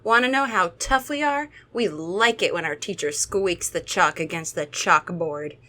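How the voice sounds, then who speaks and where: A woman's voice: lowish voice, unhurried, sharp tone. A woman reading as a smug tough-guy boy babysitter. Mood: smug bravado.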